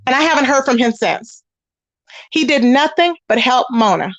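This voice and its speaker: A woman hosting a casual commentary channel, animated and sassy, talking straight to her listeners about online drama. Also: high-pitched, moderate pace, no room sound. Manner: animated and sassy, calls listeners y'all and baby.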